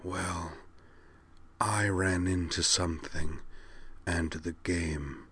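A man voicing a terse male alien ambassador in a hushed, eerie voice for a read-aloud story. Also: low-pitched, steady tone, very slow, slightly rough, full character voice. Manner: terse, offhand.

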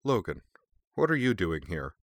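A man's voice: sits low, sing-song, normal speed, dry recording, studio quality. A man voicing a stern, formal woman mentor in an audiobook, speaking sharply.

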